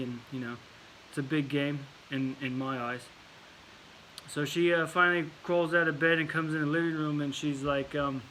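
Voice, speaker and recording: Bright man faking an English accent. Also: fairly high pitch, a little hiss or hum, rough recording. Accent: put-on English accent. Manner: rambling, with frequent fillers and repeated words. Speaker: vlogger. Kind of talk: casual storytelling monologue.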